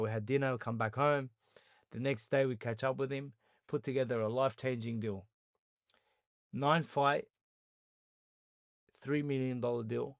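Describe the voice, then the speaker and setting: An Australian man, a guest on an interview podcast, telling a story in a lively conversational way and acting out what other people said. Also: medium pitch, no echo, studio quality. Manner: animated retelling, acting out others' words in quotes.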